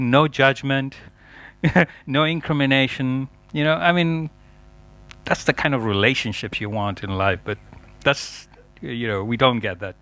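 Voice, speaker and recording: A man's voice: medium pitch, very animated, measured pace, bright, forceful tone, no echo. A man giving a chatty, digressive lecture at a yoga festival, laughing often at his own asides.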